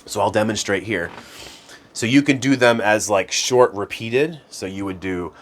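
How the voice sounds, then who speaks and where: A man's voice: on the low side, moderate pace. A man giving a casual, rambling spiritual lesson to camera, laughing at himself and drifting into tangents. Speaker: spiritual self-improvement teacher. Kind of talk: casual instructional talk to camera.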